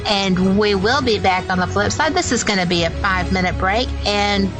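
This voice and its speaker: A woman's voice: mid-range voice, normal speed, rough recording. Upbeat woman radio host over music. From Alabama. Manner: upbeat, enthusiastic. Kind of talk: radio talk show hosting.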